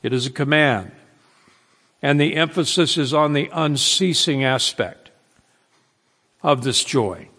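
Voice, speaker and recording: A male preacher delivers a sermon with slow, deliberate emphasis, dwelling on key words. His voice sits a little high for a man. The sound carries the long reverb of a large church hall. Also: bright, forceful tone.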